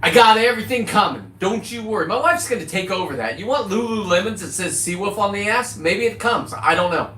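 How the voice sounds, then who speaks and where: Brash middle-aged male streamer, swearing and rambling, voice pitched a bit high, recorded in a reverberant space. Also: lively intonation, fairly quick, few pauses, bright, forceful tone, slight background noise. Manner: profane, boisterous, jumps between topics. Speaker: livestreaming content creator. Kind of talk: rambling casual livestream.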